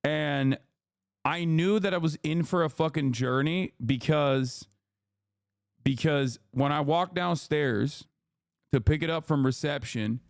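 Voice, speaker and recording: A man's voice: on the high side, takes it slowly, creaky, no room sound, studio quality. A man hosting a livestream, telling a rambling, profane story in casual chat. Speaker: livestream host.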